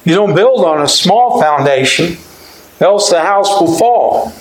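High-voiced slow preaching man, echoey. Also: lively intonation. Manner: preaching, repeats "my friend" and "today"; rises to shouts at high points. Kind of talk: sermon.

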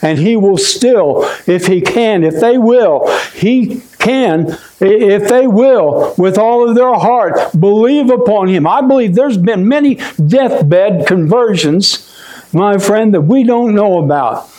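A man preaching a sermon in a folksy way, often saying "my friend" and dropping his voice low and quiet when he is moved. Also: animated, takes it slowly, low-quality recording. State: choked up.

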